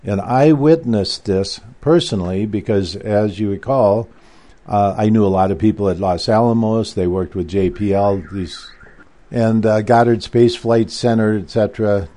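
Low, mellow man recounting at length. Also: moderate pace. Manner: rambling, with frequent restarts and asides. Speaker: guest author. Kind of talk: conversational recounting.

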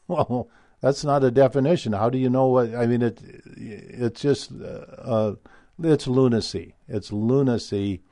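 A man's voice: mid-range voice, fairly even intonation, a little slow, warm tone, no echo, studio quality. A man giving an opinionated, rambling monologue with many fillers and restarts. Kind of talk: casual monologue.

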